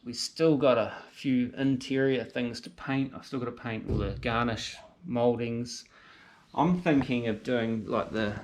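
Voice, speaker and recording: A man's voice: on the low side, creaky, a little mellow. A man with a New Zealand accent hosting a casual car restoration vlog, thinking aloud and correcting himself as he works in a garage, talking into a handheld camera. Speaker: car restoration channel host. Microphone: handheld camera mic.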